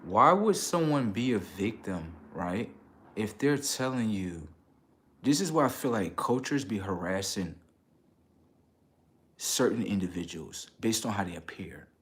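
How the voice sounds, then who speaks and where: A man with a fairly low voice talks to his livestream audience in a loose, slangy ramble, tossing in "okay" and "right" after nearly every line. When he gets worked up, his voice climbs high and loud. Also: lively intonation, unhurried. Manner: slangy, street-casual talk. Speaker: livestream host. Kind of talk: casual livestream rant.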